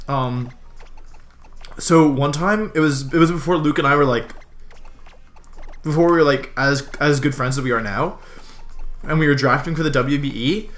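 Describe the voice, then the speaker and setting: Chatting casually through a Pokémon match, this young man from Washington, D.C. rambles, saying um a lot and interrupting himself. The streamer's voice is mid-range with a fairly bright tone.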